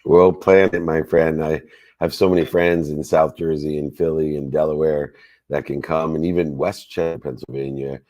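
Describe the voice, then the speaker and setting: A man's voice: extremely low pitch, level tone, normal speed, warm tone, no room sound. A man in his fifties answering a caller's question in a live Q&A, effusive and motivational. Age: 50s. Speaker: coach and host. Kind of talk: live Q&A talk on a call.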